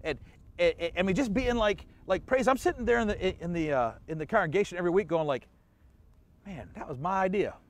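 A man's voice: high-pitched, animated, quick pace. A man pastor giving an online church sermon in a conversational way, asking the listener questions and chuckling often.

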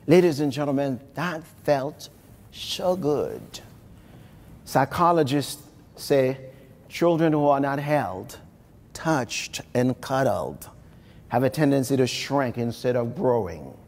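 Long reverb from a large conference hall surrounds a man from Haiti delivering a live motivational keynote. His voice is mid-range, slow and a little mellow, yet he speaks emphatically, repeating phrases and speaking directly to the audience.

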